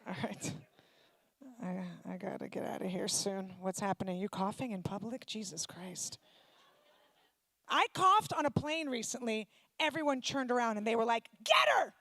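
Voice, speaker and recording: A woman's voice: mid-range voice, moderate pace, a bit bright, dry recording. A woman doing stand-up comedy with crowd work, sarcastic, brash and profane. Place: synagogue comedy night stage.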